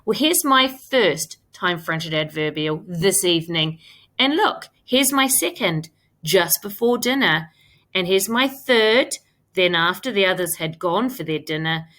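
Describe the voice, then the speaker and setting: A woman with a slightly low voice teaches a recorded lesson to young pupils. She is encouraging and patient, leaning hard on key words and repeating them so they stick. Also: animated, measured pace, pushed and bright. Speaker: primary school teacher. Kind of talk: recorded remote lesson for children.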